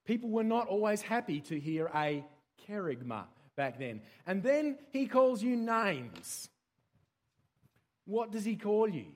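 A man with an Australian accent giving a playful, interactive teaching talk to a group, quizzing his listeners and getting them to repeat key words. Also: high voice.

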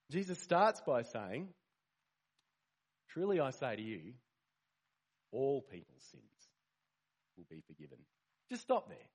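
A man preaching to a congregation in a relaxed, conversational way. His voice sits a touch high for a man and has a husky, slightly breathy edge. He keeps asking the room questions and leans hard on the words he wants to land. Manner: conversational, rhetorical questions, animated emphasis. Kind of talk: sermon.

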